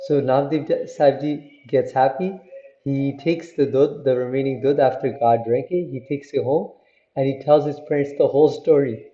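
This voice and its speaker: A man's voice: medium pitch, steady tone, normal speed, a little hiss or hum. Man telling a story in a roomy room. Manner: conversational, many fillers and "right?" check-ins. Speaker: storyteller for a Sikh teaching channel. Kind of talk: casual storytelling lesson. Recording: roomy, dull lo-fi sound.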